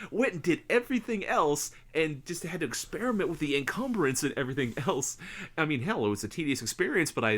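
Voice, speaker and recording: A man co-hosting a casual podcast, rambling through excited stories and swearing freely. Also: medium pitch. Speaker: podcast co-host. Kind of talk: casual chat.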